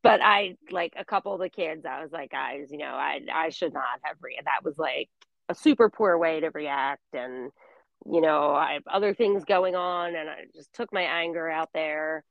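40s woman rambling through a story, lots of likes, lowish voice, dry sound. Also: moderate pace, gravelly, no room sound, dull audio. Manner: chatty storytelling, many fillers. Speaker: guest. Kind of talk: casual chat.

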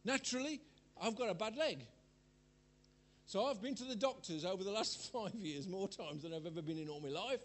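A man's voice: sits high, animated, fairly quick. An older man preaching a sermon in a chatty, rambling way, laughing at himself as he tells personal stories.

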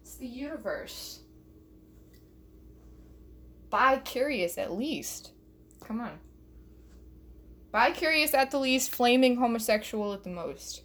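A woman's voice: fairly high pitch, expressive, measured pace, pauses often, fairly bright tone. Profane young woman ranting stand-up. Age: young adult. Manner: profane, rambling, laughs at own jokes. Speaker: comedian. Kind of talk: solo stand-up style rant. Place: bedroom. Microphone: phone.

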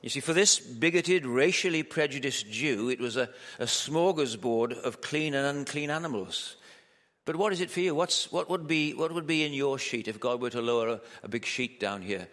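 A man's voice: mid-range voice, animated, normal speed, a bit bright. A man preaching a sermon at a church camp in a conversational, joking way, asking his listeners lots of rhetorical questions. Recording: echoey hall with long reverb.

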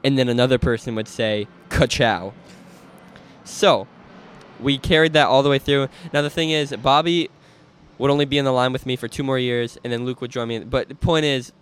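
A man's voice: mid-range voice, fast talker, smooth. A young man co-hosting a running podcast, telling stories in a laid-back, rambling way. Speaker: podcast co-host. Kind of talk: casual chat.

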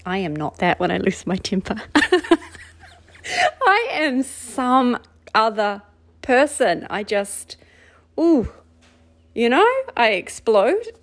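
A middle-aged New Zealand woman with a mid-range voice hosts a casual solo podcast. She speaks candidly and conversationally, repeating phrases and laughing at herself.

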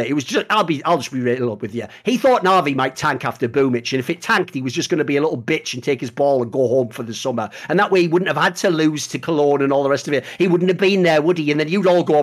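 Man, podcast co-host, furious sweary rant, high voice, wildly varied pitch. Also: fairly bright tone. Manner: angry, profane, sarcastic ranting. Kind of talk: heated esports commentary podcast.

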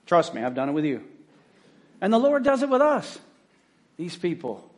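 A man pastor preaching a conversational sermon, telling the story in an animated, casual way. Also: high voice, normal speed, pauses often.

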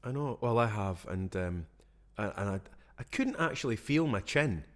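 A man in his forties co-hosting a podcast in casual chat, laughing often, recorded in a room with high ceilings. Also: animated, normal speed. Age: 40s. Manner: laughs often, chatty and self-mocking. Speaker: podcast co-host. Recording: echoey room.

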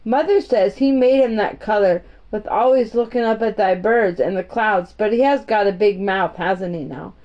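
A woman's voice: medium pitch, normal speed, hardly any pauses, a little mellow, close to an everyday voice. Woman doing a chatty maid. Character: cheerful young Yorkshire housemaid. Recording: muffled lo-fi recording.

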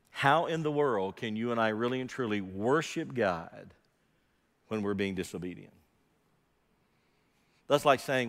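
A man delivers a sermon from the pulpit, driving his points home with pointed rhetorical questions. His mid-pitched voice drops to quiet asides and then climbs to loud, raised passages. The sound carries a long reverb, as in a large church sanctuary. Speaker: pastor.

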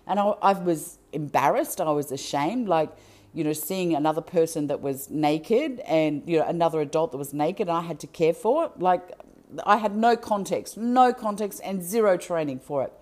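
A woman with a slightly low-pitched voice tells a personal story. She speaks earnestly and with emphasis, and her delivery is heartfelt. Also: normal speed, a little mellow.

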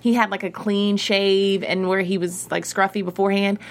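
A woman's voice: medium pitch, flat delivery, moderate pace. Woman on the panel, kinda wry and jokey, chill chatting. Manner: wry, facetious. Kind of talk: casual panel chat.

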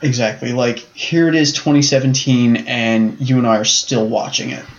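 A man's voice: mid-range voice, normal speed. Male podcast co-host, 30s, mid-range voice, brief replies, dull lo-fi audio. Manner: short agreeing replies. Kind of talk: casual chat. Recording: dull lo-fi sound.

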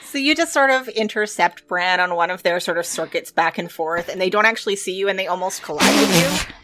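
A woman's voice: lowish voice, fairly quick, sharp tone, slight background noise. A woman narrating as game master of a tabletop role-playing game, describing scenes with frequent hesitations and fillers.

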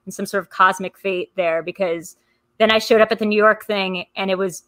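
A woman guest chatting casually, rambling and full of fillers as she tells animated stories. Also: medium pitch, a little fast, no room sound. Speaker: podcast guest. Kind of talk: casual chat. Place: lives in New York.

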